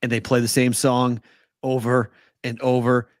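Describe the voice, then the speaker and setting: A man's voice: medium pitch, completely flat delivery, unhurried, no room sound, studio quality. A man with a Boston accent, hosting a casual sports betting talk show and ranting animatedly, swearing freely. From Boston area.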